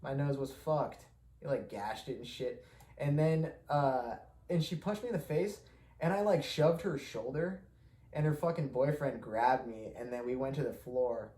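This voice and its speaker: A man's voice: mid-range voice, dark tone. A young man hosting a podcast, telling a rambling, profane story with frequent laughs. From Mexican heritage. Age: young adult. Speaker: podcast host. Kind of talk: casual storytelling. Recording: echoey room with faint ambience.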